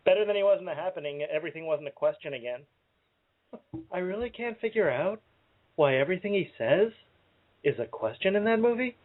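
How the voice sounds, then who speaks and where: A man's voice: high voice, lively intonation, brisk, pauses often. A man co-hosting a comedy radio show, enthusing wryly about a film. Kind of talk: casual comedic banter. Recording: phone-like narrow-band audio.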